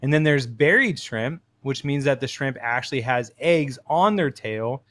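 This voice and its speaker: A man who is a podcast guest, explaining things in a friendly, casual way with quick asides. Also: mid-range voice, animated, fairly bright tone, no room sound. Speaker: podcast guest, shrimp breeder.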